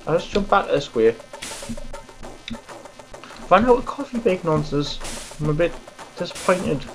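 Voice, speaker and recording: A woman's voice: fairly low pitch, animated, unhurried, faint music behind, low-quality recording. A woman reviewing a game, rambling and swearing at it as she plays. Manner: mutters and swears at the game, self-deprecating. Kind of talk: rambling gameplay commentary.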